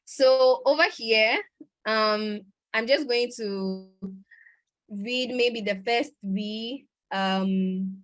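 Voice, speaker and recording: A woman giving a conference lecture over a video call. She explains step by step, pausing often and correcting herself mid-sentence. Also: a little high. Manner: explanatory, with many pauses and self-corrections. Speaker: conference presenter. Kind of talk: lecture on research methods.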